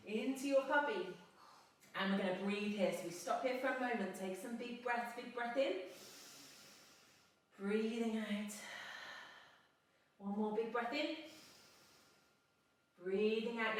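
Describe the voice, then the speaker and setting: A woman's voice: fairly high pitch, fairly bright tone. A middle-aged woman guiding a family yoga class with playful, encouraging cues for a child. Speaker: yoga instructor. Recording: echoey room, mic at a distance.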